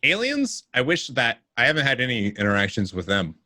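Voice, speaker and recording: A man's voice: mid-range voice, huge pitch swings, a little fast, bright, forceful tone, no room sound. A man guest on a podcast, telling a casual story with many filler words. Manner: rambling, lots of "like" fillers.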